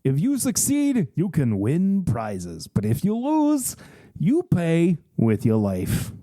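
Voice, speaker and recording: A man voicing a menacing carnival barker with an exaggerated, badly done Brooklyn accent, drawing out his threats slowly. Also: a little high, wildly swooping pitch, mellow, dry recording, studio quality, voice pushed up, full character voice. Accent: put-on Brooklyn, badly done. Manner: slow, drawn-out threats.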